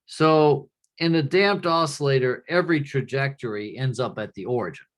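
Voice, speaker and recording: A man's voice: medium pitch, moderate pace. Casual male lecturer in a classroom. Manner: relaxed, conversational, checks in with "right?" often.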